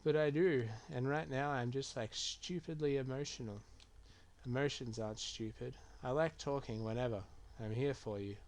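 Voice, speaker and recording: Here a man streams a game, reading chat out loud and muttering his reactions. His mid-range voice moves at a normal speed and has a slightly mellow quality. Keyboard typing and clicks can be clearly heard behind him.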